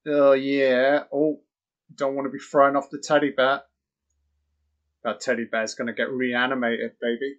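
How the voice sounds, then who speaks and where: A man giving crude, excitable, mocking live commentary on a horror film. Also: mid-range voice, moderate pace. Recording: dull lo-fi audio.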